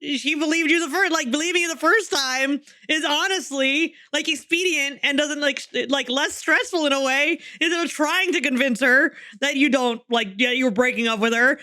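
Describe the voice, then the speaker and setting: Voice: sits high, normal speed, few pauses, pushed and bright. A podcast co-host chatting casually about a book, rambling through many fillers and swearing and laughing along the way. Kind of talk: casual book-club chat.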